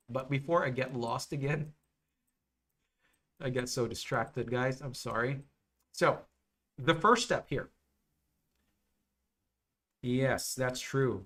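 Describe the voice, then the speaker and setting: A man teaching nursing exam material on a live stream, explaining slowly and checking in with viewers often. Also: medium pitch, a bit bright. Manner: slow, repetitive explaining with frequent okay and right checks.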